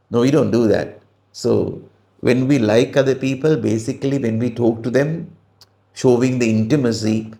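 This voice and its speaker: Slow, gravelly male teacher, Sri Lankan English accent, patiently explains a story line by line. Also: medium pitch, warm tone. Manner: slow, repetitive explaining with many fillers and restarts. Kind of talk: teaching while reading a story aloud.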